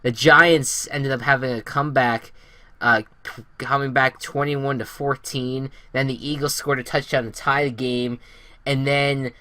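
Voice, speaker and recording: A man's voice: medium pitch, flat delivery, unhurried, pushed and bright, dry recording. A man hosting a casual sports podcast, rambling through game recaps with many fillers and restarts. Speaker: podcast host.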